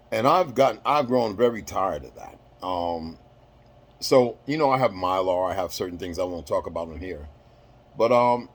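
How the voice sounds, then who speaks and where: A man talking casually to his followers in a rambling way, repeating words and using many fillers. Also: low-pitched. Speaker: social media poster. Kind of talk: casual chat.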